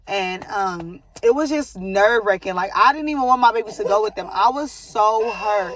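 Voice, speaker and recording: A woman's voice: medium pitch, normal speed, few pauses, a bit bright. Chatty young woman vlogging, full of likes. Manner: chatty, rambling, many likes and ums, breaks off to soothe her baby. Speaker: vlogger giving a life update. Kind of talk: casual chat to camera.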